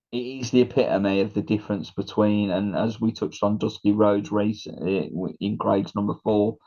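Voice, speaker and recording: A man's voice: lowish voice, darkish tone, lo-fi sound. A man co-hosting a podcast, chatting casually, blunt and enthusiastic. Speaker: podcast co-host. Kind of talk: casual chat.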